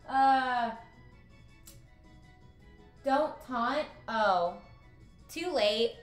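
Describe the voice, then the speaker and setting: A woman streaming a game with casual commentary, excitable and giggly, breaking into loud squeals. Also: high-pitched, drawn-out words, echoey room, soft background music.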